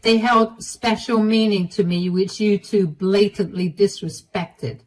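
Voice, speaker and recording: A woman narrating a first-person family drama story in a steady, even delivery. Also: mid-range voice, measured pace, few pauses, low-quality recording.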